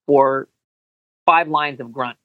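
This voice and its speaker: A man being interviewed as a voice actor, telling animated anecdotes and acting out quotes in higher voices. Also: measured pace, dry recording, phone-quality sound. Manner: animated storyteller, acts out quotes in high voices. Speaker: voice actor guest.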